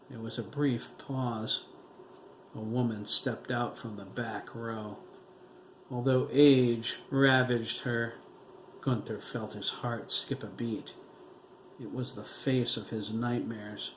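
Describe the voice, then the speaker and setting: Brief: male author narrator, unhurried reading, echoey room, faint hiss. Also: mid-range voice, steady tone. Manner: slow, measured reading. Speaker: author narrating own novel. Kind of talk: audiobook narration.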